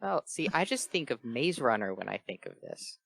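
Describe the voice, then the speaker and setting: A man reads a fanfiction aloud for laughs, his voice sitting in a middle register. He switches into quick character voices and keeps breaking off to joke. The recording is close and dry, with no room sound. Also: mid-range voice, very animated, gravelly, a bit bright, no echo. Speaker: fanfiction reader. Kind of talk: comedic dramatic reading with commentary.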